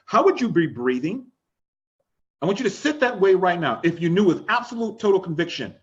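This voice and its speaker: Upbeat male life coach, high voice, coaxing and repetitive; dull lo-fi recording. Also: fairly quick. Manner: energetic, coaxing, repeats instructions, laughs often. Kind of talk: live-streamed coaching class.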